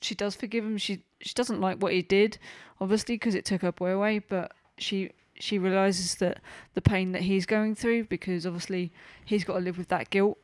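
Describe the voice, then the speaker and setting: Flat-toned, earnest woman. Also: medium pitch, normal speed, few pauses, no room sound. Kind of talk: casual comics discussion.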